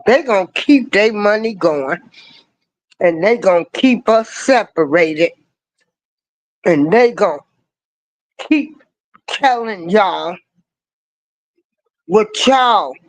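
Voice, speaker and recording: Older woman commentator, slangy, drawn-out rant, animated pitch. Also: low-quality recording. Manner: emphatic, hammering repeated rhetorical questions; slangy, swings between rising cries and low asides. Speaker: online commentator. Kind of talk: ranting political commentary.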